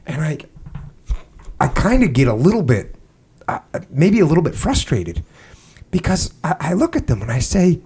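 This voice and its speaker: Husky, animated podcast host. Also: male voice, fairly high pitch, normal speed, pauses often. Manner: animated, emphatic storytelling. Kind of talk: conversational podcast talk.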